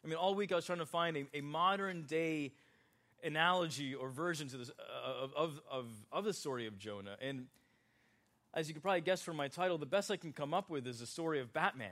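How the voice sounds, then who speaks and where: A man's voice: a little high, brisk, fairly bright tone. A man preaching a sermon in a conversational, joking way, talking directly with his congregation. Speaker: pastor.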